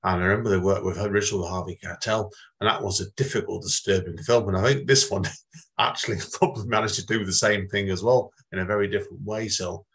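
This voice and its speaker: Rambling low-voiced male host. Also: fairly even intonation, quick pace, fairly bright tone. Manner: rambling, repeats himself, many restarts. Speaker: interview host. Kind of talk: casual interview chat.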